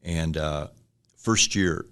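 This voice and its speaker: A man's voice: a bass voice, very slow, fairly bright tone, smooth. A middle-aged man, telling rambling business stories in a casual interview, acting out quotes with chuckles. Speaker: restaurant franchise owner, guest.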